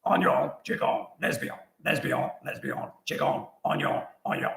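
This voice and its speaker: A man voicing a deadpan male character with a Cajun accent who mutters the same three words over and over in a hushed, nearly unvoiced voice. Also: on the high side, moderate pace, vocal fry, reverberant, distant mic. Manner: repeats three words in a flat sing-song.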